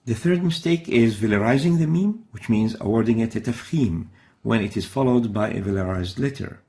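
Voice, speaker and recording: Guy teaching recitation, kinda gravelly, dark mellow tone, patient and careful. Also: mid-range voice, animated. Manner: explains patiently, demonstrates each sound slowly and carefully. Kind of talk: recorded instructional lesson.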